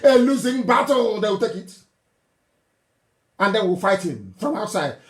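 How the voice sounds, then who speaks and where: A man from southeastern Nigeria, giving a fiery political broadcast, scolding and mocking his listeners with scornful laughs. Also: sits high. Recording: roomy echo.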